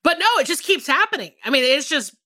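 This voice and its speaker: A woman co-hosting a podcast in casual, animated chat, swearing freely and often restarting her sentences. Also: high voice, fast talker, dry recording, studio quality. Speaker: podcast co-host.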